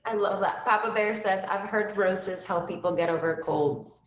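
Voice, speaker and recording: A woman's voice: medium pitch, moderate pace, reverberant. Chatty upbeat woman hosting a stream. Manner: upbeat, chatty, many fillers. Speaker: livestream show host. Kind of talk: casual live-stream talk show.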